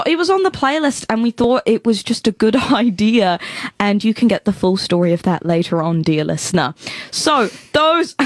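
A woman's voice: mid-range voice, dry recording. A woman hosting a radio show in a studio, chatting casually with lots of ums and giggles. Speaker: radio DJ and host.

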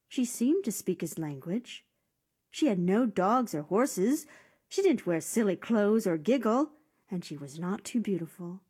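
A woman reading a fairy tale aloud, often dropping to a soft whisper. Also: mid-range voice, breathy edge. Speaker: storyteller.

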